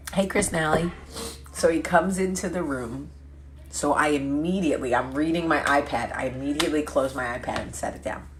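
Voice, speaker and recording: Woman, low-pitched voice, chatty vlog host, rambling asides, self-corrections. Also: slight background noise. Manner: chatty storytelling with quick asides; lively, laughing, self-correcting. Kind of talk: casual chat.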